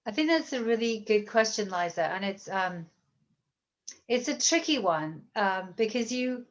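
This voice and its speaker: At a bookstore Q&A, a British woman author answers audience questions in a thoughtful, hesitant manner and often repeats words. Her mid-range voice is captured in a muffled recording.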